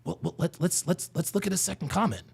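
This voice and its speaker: A man's voice: sits high, fast, creaky, breathy edge. A man hosting a live stream, reading chat comments aloud and answering them with profane, mocking rants. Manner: profane, mocking, animated ranting. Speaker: livestream host reading chat.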